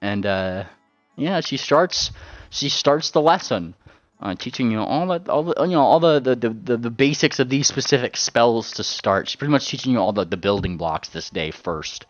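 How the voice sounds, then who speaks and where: A man's voice: medium pitch, lively intonation, moderate pace, no room sound, faint music behind. A man running a tabletop game as game master, rambling with lots of fillers and repeated words. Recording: dull lo-fi sound.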